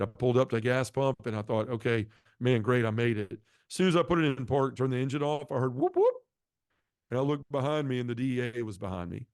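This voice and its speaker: A man tells his life story earnestly and at a quick clip, acting out what people said. His voice sits in a middle register and is recorded close and dry, with no room sound. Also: mid-range voice, clean tone, dry recording. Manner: earnest, acts out quoted dialogue. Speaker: podcast guest. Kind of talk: personal testimony storytelling.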